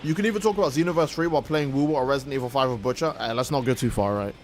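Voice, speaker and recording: A man's voice: mid-range voice, racing, slight background noise. A man livestreaming a game, chatting casually and playfully with his viewers in a rambling way. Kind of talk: casual livestream chat while gaming.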